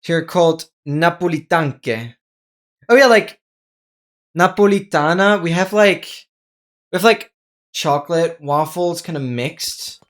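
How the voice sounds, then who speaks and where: A game streamer chatting casually during a live gameplay stream, excitable, exclaiming often and thanking viewers. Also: medium pitch, slow pace, long pauses.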